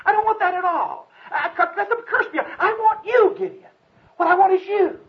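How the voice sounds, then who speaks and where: A man's voice: very high voice, normal speed, pitched above the performer's own voice. A man voicing a sorrowful, pleading angel of the Lord who weeps and begs. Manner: pleading, repetitive, breaking voice. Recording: dull lo-fi recording.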